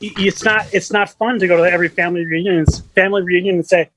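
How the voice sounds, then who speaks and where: Guy guest, high voice, stumbles and repeats himself, kinda self-deprecating. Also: steady tone, fast, fairly bright tone, a little hiss or hum, poor audio. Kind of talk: casual chat.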